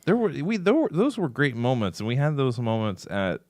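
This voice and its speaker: A man's voice: medium pitch, brisk, dry recording, studio quality. A man co-hosting a podcast, telling a fan story with acted-out quotes. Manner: animated storytelling, acting out quotes. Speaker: podcast co-host. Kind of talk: casual fan chat.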